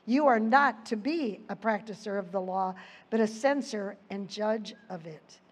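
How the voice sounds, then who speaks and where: A woman's voice: medium pitch, measured pace. A woman giving an earnest Bible teaching, reading scripture aloud with her own asides. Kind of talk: sermon.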